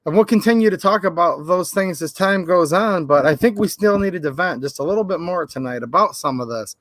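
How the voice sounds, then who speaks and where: High-voiced chatty male streamer. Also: lively intonation, a little fast, a bit bright, dry recording. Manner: rambling, chatty storytelling to viewers. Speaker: channel host. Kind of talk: livestream commentary.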